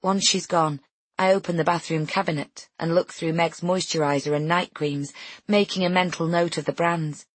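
A woman reads a first-person novel in a measured, intimate tone. Her voice sits low with a husky grain, recorded dry and close. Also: fairly even intonation, no room sound. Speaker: audiobook narrator. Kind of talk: first-person fiction narration.

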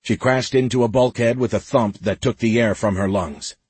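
A man narrating a science fiction audiobook in a steady, measured way. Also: medium pitch, slightly rough, no echo. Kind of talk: scripted narration.

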